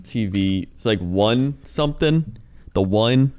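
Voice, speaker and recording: A man's voice: on the low side, expressive, takes it slowly, darkish tone. A man co-hosting a podcast, chatting casually with wry, laid-back comments. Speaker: podcast co-host. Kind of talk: casual chat.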